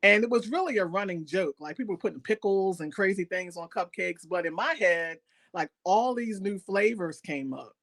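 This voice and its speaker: A woman chef as an interview guest, telling stories in a lively, animated way and laughing often. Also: medium pitch, moderate pace. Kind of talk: casual interview storytelling.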